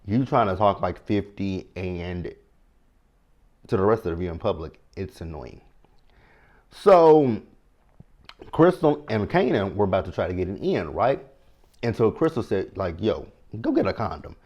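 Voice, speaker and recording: A man's voice: low voice, normal speed, dull audio. A man, casually recapping a TV episode and talking straight to his viewers. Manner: chatty and animated, talks to viewers directly. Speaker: TV show recap host.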